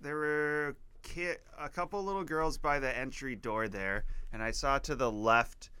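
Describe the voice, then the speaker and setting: A man's voice: medium pitch, measured pace, pushed and bright, clear, resonant tone, dry recording. A man co-hosting a podcast, telling an embarrassing story with lots of laughter. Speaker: podcast co-host. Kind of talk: casual podcast chat.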